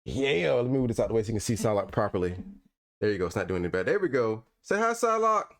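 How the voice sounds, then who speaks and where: A man's voice: on the low side, sing-song, fast talker. A man hosting a casual podcast livestream from home, playful and teasing, laughing often. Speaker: podcast host.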